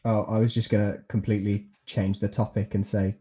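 A young man co-hosts a casual podcast with a low, mellow voice. He teases the others bluntly. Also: little pitch movement, fast talker. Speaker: podcast co-host. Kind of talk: casual chat.

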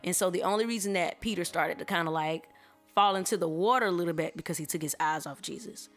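A woman telling a personal faith testimony in an animated, colloquial storytelling manner. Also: fairly low pitch, fast talker, soft background music. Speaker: church member giving a testimony.

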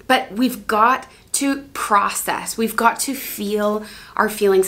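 A woman giving a gentle devotional talk, then praying in a soft, hushed voice. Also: medium pitch. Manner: gentle, unhurried, grows soft and hushed in prayer. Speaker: preacher.

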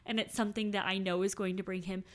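A woman's voice: mid-range voice, little pitch movement, quick pace. A woman in her thirties co-hosting a podcast. She talks in a reflective, affirming way in easygoing conversation. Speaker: podcast co-host. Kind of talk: casual chat.

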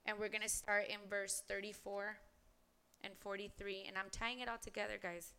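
A woman's voice: mid-range voice, flat delivery, normal speed, sharp tone, smooth. A woman preaching a podcast sermon, reading scripture aloud and asking earnest rhetorical questions.

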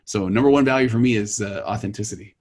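A man's voice: lowish voice, fast. A man guest on a podcast, talking earnestly and telling a long story with many restarts. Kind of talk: casual conversation.

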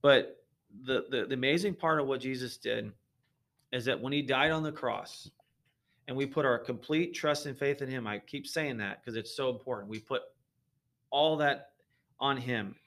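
A man talking earnestly about faith in a relaxed podcast conversation, often repeating words as he thinks. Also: medium pitch, normal speed. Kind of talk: casual religious discussion.

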